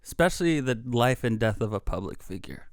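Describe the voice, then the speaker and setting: A man co-hosts a comedy podcast, thinking out loud in a loose, rambling way and laughing often. His voice is clear and resonant at a mid pitch. The sound is dry and close. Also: very animated, a little fast, dry recording. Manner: rambling, laughs often, filler-heavy musing. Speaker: podcast co-host. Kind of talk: casual comedic chat.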